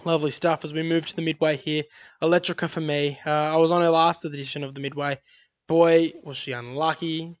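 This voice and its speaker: A man co-hosting a casual racing podcast, rattling off odds and form in an upbeat way. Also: fairly high pitch. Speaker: podcast co-host tipping horse races. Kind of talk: casual racing tips chat.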